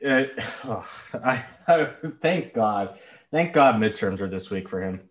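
An animated man co-hosting a casual sports chat. His pitch swings widely as he vents, exasperated and blunt, and the odd curse slips out. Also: unhurried. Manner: animated, exasperated, swears freely. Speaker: podcast co-host.

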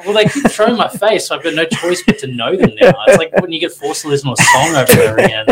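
A man's voice: fairly high pitch, huge pitch swings, racing, over a noisy crowd, low-quality recording. A man co-hosting a casual chat, who laughs often, swears freely and mimics ads. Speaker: co-host.

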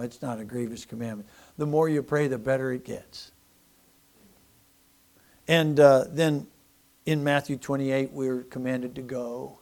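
A man preaches to his congregation in church, his voice sitting high for a man. He talks in a folksy way, tripping over repeated words as he restarts his sentences. He swings from loud emphasis to quiet, hushed asides. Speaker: pastor. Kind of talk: sermon.

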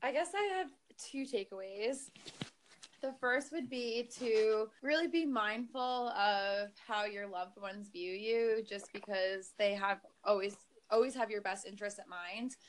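A woman's voice: medium pitch, unhurried, rough recording. A young woman telling a story in casual podcast chat, laughing often and talking with fillers. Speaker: podcast guest.

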